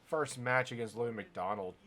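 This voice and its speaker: A man hosting a stream and commenting on wrestling matches in a casual play-by-play style. He is excitable, swears freely and speaks straight to chat and the viewers. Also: mid-range voice, a little slow.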